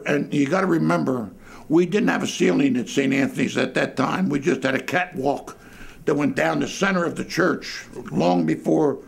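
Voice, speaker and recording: Speaking from inside a dim church, an older man tells a colorful, lively story about his boyhood during an interview. His voice is a little high, husky, and touched with vocal fry.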